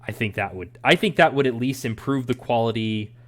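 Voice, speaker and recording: A man's voice: mid-range voice, animated, a little fast, a bit bright. A young adult man co-hosting a podcast, giving his opinions in a rambling, ranting casual chat. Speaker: podcast co-host.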